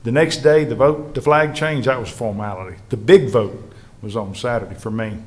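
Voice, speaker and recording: A man's voice: medium pitch, normal speed. Earnest man telling stories. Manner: earnest, animated storyteller acting out colleagues' words. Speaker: state legislative leader on a history panel. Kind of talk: anecdotal storytelling to a live audience.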